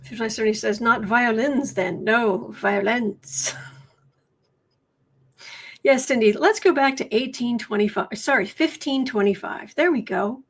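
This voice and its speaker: A woman hosting a tarot and politics livestream, talking casually with viewers, halting and restarting often as she thinks aloud. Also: a little high, breathy edge. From United States.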